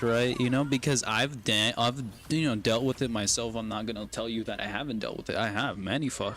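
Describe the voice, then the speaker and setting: A man's voice: mid-range voice, fairly bright tone. A man streaming a video game, chatting casually and rambling, ending almost every phrase with "right?" or "you know what I mean?". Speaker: gaming streamer. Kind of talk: casual chat while gaming.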